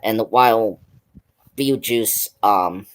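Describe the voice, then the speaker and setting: A man's voice: fairly low pitch, takes it slowly. A man hosting a pop culture stream, retelling a film's scenes in a loose, rambling way with lots of "like" and restarts. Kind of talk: casual film review chat.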